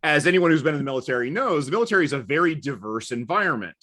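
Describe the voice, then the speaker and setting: A man who grew up partly in England, telling stories in a relaxed chat with dry, deadpan humor. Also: fairly high pitch, rapid-fire. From United States, partly raised in England. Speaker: guest. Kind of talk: casual storytelling chat.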